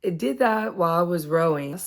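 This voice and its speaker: A woman in her late thirties talking casually about her own experiences, chatty and quick to laugh. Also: fairly low pitch, lively intonation, gravelly. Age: 30s. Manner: chatty, laughs often, acts out quotes. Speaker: vlogger. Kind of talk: casual chat.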